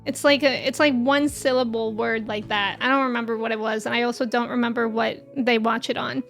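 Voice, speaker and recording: A woman's voice: fairly high pitch, fairly even intonation, fairly quick, creaky, soft background music. A young American woman streaming a game, chatting casually and rambling with viewers, laughing often. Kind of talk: casual chat with live viewers.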